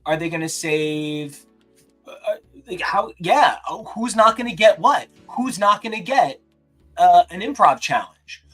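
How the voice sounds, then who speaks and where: A man co-hosting a casual reaction chat, talking in animated bursts of rapid-fire questions and mock outrage. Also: sits high, soft background music. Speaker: podcast co-host.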